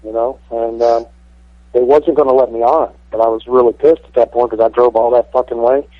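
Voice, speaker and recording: A man's voice: mid-range voice, fairly even intonation, brisk, no room sound. A man, a professional wrestler guest, telling stories in a brash, swaggering, profane way. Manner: brash, swaggering, heavy cursing. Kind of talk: profane interview storytelling. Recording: tinny dry phone line.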